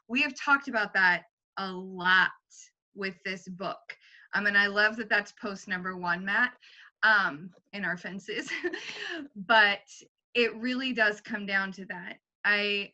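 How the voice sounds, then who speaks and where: A woman's voice: mid-range voice, sharp tone, muffled recording. A woman chatting animatedly in a group book discussion, laughing often as she talks. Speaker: team leader in a book club call.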